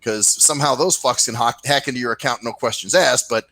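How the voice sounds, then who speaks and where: A man's voice: mid-range voice, brisk, dry recording, poor audio. A man telling a long, profane rant in casual chat with a friend, putting on voices for the people in his story. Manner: ranting storyteller, animated, swears freely; mimics people in put-on voices. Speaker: podcast co-host.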